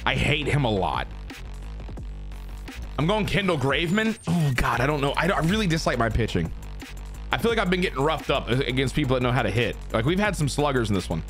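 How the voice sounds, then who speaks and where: A young man commentating his own baseball video game play, excitable and swearing as he talks to himself and his viewers. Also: mid-range voice, a little fast, faint music behind. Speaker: gaming streamer. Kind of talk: live gameplay commentary.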